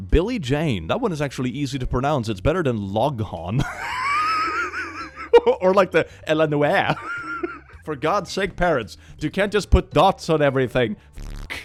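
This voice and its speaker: Male host, comedic reaction read-through, swears a lot, pitch leaps all over, faint music underneath. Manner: animated and profane, breaks into laughter and shrill outbursts. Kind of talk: comedic reaction commentary reading posts aloud.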